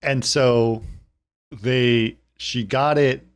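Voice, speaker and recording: A man's voice: medium pitch, fairly even intonation, drawn-out words, clean tone. A man co-hosting a film podcast, chatting casually and adding trivia. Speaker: podcast co-host.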